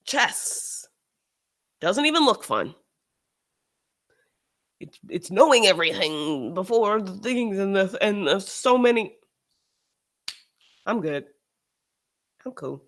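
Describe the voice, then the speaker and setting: A host talking casually on a livestream, animated and sarcastic, often restarting sentences and trailing off. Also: mid-range voice, slow, pauses often. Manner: animated, sarcastic, shifts into mocking quoted voices.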